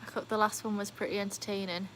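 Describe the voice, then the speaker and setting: A woman's voice: mid-range voice, little pitch movement, fast talker, a bit bright, slight background noise, low-quality recording. A woman chatting casually on a live stream at home, reading out viewer comments. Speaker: livestream host. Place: home, beside a backyard pool.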